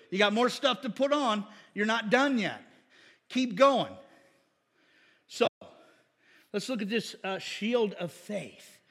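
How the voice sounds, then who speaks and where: A man's voice: sits high, fairly bright tone, breathy edge, long reverb tail. A man preaching a sermon in a folksy, emphatic way, often calling for amens.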